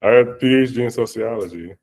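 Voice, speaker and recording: A man hosting a podcast in casual interview, relaxed and unhurried. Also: medium pitch, rough recording. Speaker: podcast host.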